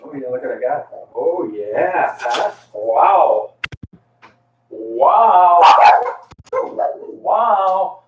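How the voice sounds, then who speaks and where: Man, slow talker, higher voice, fond repeated pet talk, tinny phone sound, roomy echo. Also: very animated, noisy background. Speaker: vlogger talking to his dog. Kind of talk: casual live-stream chat. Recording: tinny phone-like audio in an echoey room.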